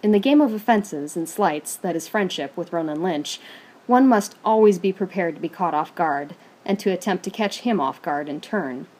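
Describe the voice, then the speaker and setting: A woman reads fan fiction aloud in a steady, even storytelling manner. Her voice sits on the low side. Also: normal speed, slightly rough.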